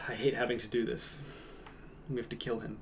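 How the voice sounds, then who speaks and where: A man's voice: medium pitch, little pitch movement, moderate pace, noisy background. A young man, a streamer, chatting casually and reading comments aloud with a joking, rambling manner that trails off into mumbles.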